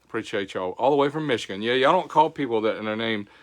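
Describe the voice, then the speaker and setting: A man's voice: on the low side, fast. Older man, folksy livestream host, chatty, greeting viewers. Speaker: show host. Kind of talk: casual livestream chat. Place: home.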